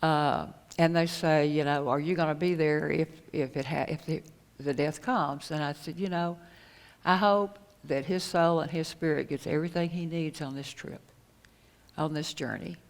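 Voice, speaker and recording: Low-voiced woman telling her story in a hall. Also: fairly even intonation. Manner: earnest, halting, retells conversations. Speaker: conference speaker. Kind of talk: personal storytelling talk. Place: conference hall. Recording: echoey hall with long reverb.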